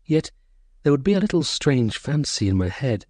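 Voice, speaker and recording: A man narrating a short story as an audiobook, in a measured, sorrowful first-person voice. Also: medium pitch, big pitch swings, darkish tone, dry recording, studio quality.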